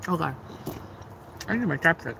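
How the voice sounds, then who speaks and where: A woman's voice: low voice, expressive, normal speed, gravelly, noisy background. A young woman chatting casually on a livestream, answering her chat in a blunt, profane, giggly way.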